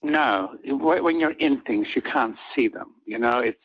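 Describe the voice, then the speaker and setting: An older man with a husky voice, a soap opera actor telling rambling anecdotes in an interview and acting out what others said. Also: medium pitch, a little slow, lo-fi sound, a little hiss or hum. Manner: rambling, acts out quoted lines of others.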